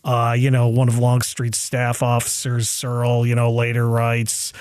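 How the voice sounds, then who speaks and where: A man's voice: mid-range voice, monotone, measured pace, darkish tone, clean tone, no room sound, clean studio sound. A man speaking as a guest historian in a casual podcast discussion, thoughtful and hedging, with many "you know" fillers. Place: indoor room with others present.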